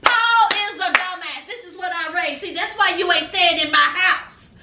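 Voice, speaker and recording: A woman voicing a fed-up mother who scolds her grown son in a sharp, no-nonsense way. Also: very high voice, normal speed, reverberant, distant mic, heavy background noise. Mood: exasperated.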